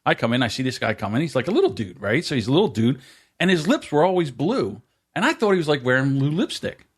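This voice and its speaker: A man's voice: medium pitch, sing-song, slightly rough. A man co-hosting a podcast, reminiscing in a casual chat. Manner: chatty, quick reminiscing. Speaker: podcast co-host.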